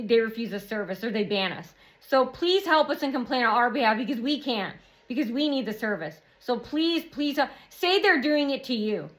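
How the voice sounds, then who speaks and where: A woman talking straight to camera in a rambling personal monologue, repeating herself and circling back to her point. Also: on the high side. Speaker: vlogger.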